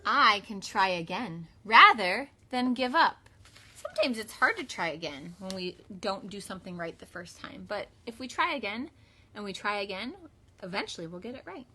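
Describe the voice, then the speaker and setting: A woman's voice: mid-range voice, very animated, normal speed, bright, forceful tone, husky. A young woman who is both mother and teacher, singing songs and reading a picture book aloud to young children in an upbeat, sing-song way. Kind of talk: kids' song and read-aloud lesson.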